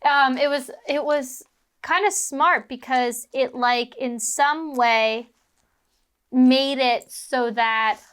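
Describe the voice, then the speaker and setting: In a smooth, fairly bright voice that sits high, she takes her time speaking. A guest actress from Philadelphia, United States, she rambles casually with lots of fillers while building bricks, laughing at herself whenever she gets sidetracked.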